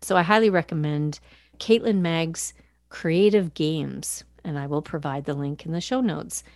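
A woman hosting a podcast in casual chat, reflective and quick to laugh. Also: low-pitched, a little mellow, dry recording, clean studio sound. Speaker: podcast host.

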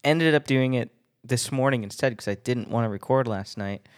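A man's voice: mid-range voice, moderate pace. A man hosting a casual solo podcast, rambling and self-deprecating, laughing often between thoughts. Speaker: podcast host.

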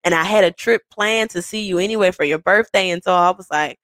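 A woman podcast host telling a personal story in a casual way, animated and often laughing. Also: no echo. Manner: animated, quick swings into high quoted voices; frequent laughs.

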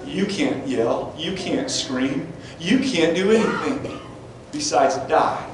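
A man preaching a sermon and reading scripture aloud, his voice climbing high and loud for the mockers and dropping low and quiet for the somber moments. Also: expressive, slow. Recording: distant mic in a very echoey room with faint noise.

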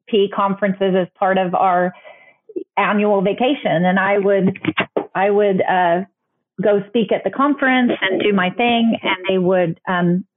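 A middle-aged woman recounts a personal story in an interview, her speech full of restarts and small fillers. Her voice comes through a narrow, tinny, phone-like line. Her pitch sits at an ordinary middle height. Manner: candid, many restarts and fillers. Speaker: guest, author.

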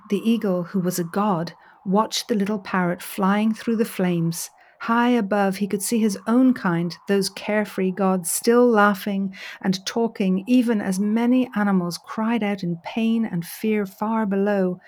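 A woman storyteller narrating a folk tale in an expressive, dramatic way. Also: medium pitch, measured pace, few pauses.

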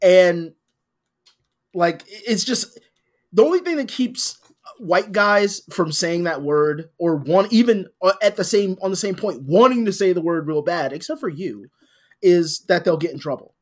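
A podcast co-host in casual chat who makes points with emphasis and teases the other host. The voice rises and falls in a lively way, with frequent laughter. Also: mid-range voice, measured pace.

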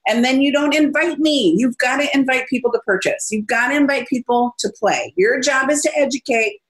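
A woman on a podcast giving energetic sales advice and acting out quotes as she tells stories. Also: sits high, a little fast, low-quality recording. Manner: energetic, animated storytelling with acted-out quotes. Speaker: business speaker and author. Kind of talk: casual podcast interview.

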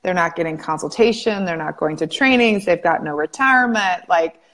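A woman hosting an interview, telling stories in an animated way and often saying "like". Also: on the low side, normal speed. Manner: animated storyteller, frequent "like". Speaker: interview host, practice coach. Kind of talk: casual interview chat.

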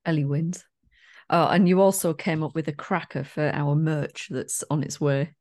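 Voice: medium pitch, fairly even intonation, normal speed, darkish tone. Teasing podcast co-host. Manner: teasing, dry, swears casually. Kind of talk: casual podcast chat.

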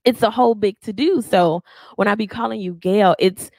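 A woman co-hosting a casual podcast chats in a medium-pitched, creaky voice at a moderate pace, recorded dry. She tells stories in an expressive, animated way.

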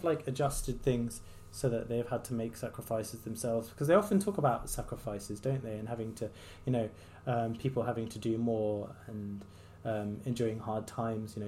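This man is a doctor running a solo podcast, and he talks in a loose, meandering, fed-up and sarcastic way, mocking the voices he quotes, with many fillers and restarts. His voice is mid-range and mellow, with a slight hiss or hum in the recording.

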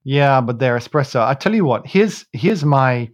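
A man's voice: medium pitch, expressive, normal speed. A man co-hosting a podcast, chatting casually in a rambling way, often restarting and correcting himself with a chuckle. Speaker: podcast co-host. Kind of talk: casual chat.

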